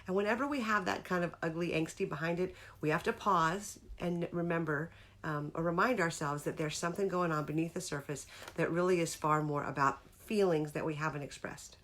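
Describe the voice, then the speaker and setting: A woman's voice: fairly low pitch, a little fast, a bit bright. A middle-aged woman hosting a casual live-streamed talk about feelings, speaking earnestly and breaking off to greet viewers by name. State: tearful near the end.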